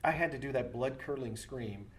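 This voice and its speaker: A male voice actor at a convention, swinging between relaxed storytelling and sudden squeaky cartoon voices. His speaking pitch sits in the middle range. A faint hum of the convention hall stays behind him. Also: normal speed. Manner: animated storyteller, bursts into high cartoon voices. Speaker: voice actor and director. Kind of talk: convention interview chat. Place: busy convention floor.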